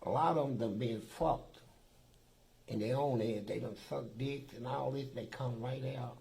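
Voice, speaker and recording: Man from Kentucky, gravelly voice, profane streetwise storyteller, acts out the dialogue. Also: mid-range voice, moderate pace, a little mellow, poor audio. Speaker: interview guest. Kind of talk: casual storytelling.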